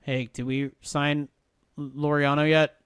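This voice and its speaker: A man's voice: a little high, level tone, a little slow, a bit bright, clean tone, no room sound, studio quality. A man playing a baseball video game on a live stream, muttering, thinking aloud and swearing freely as he checks player moves. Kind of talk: casual live-stream commentary.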